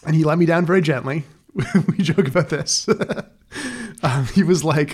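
A man's voice: a little high, fairly quick. A man, a tech co-founder being interviewed, telling stories in a chatty, self-deprecating way. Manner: chatty, self-deprecating, with many fillers like "like" and "you know". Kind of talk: casual storytelling.

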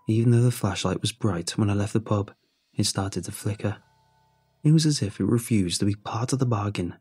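Male narrator, husky and low, brooding scripted storytelling over soft music. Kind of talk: scripted first-person narration. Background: faint music.

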